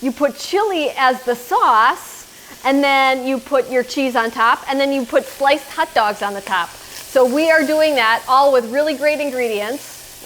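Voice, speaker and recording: Chatty lady walking through a recipe in her kitchen, kinda high voice, bit of noise behind. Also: a bit bright, rough recording. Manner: chatty, explains each step while talking to her son. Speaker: cooking show host. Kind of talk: casual cooking demonstration. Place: home kitchen.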